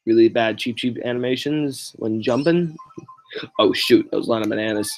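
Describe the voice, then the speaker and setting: A man's voice: mid-range voice, normal speed. A man giving casual running commentary while playing a racing game on a livestream, reacting with exclamations and short laughs. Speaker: gameplay livestreamer.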